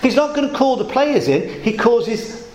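A man preaching a sermon, mixing plain teaching with a joke told in lively storytelling. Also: very high voice, moderate pace. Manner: storytelling with jokes, rising emphasis. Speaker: pastor. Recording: echoey room with faint noise.

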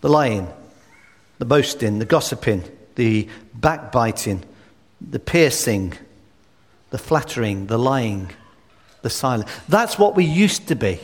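A man's voice: mid-range voice, big pitch swings, takes it slowly, long pauses. A man preaching a sermon, emphatic and full of rhetorical questions. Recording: reverberant hall.

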